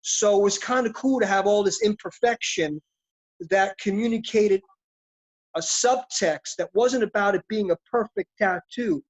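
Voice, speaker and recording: A man's voice: high-pitched, moderate pace. A middle-aged man, an actor, talking in a reflective, philosophical, street-casual way in an interview. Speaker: actor guest. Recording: dull lo-fi sound.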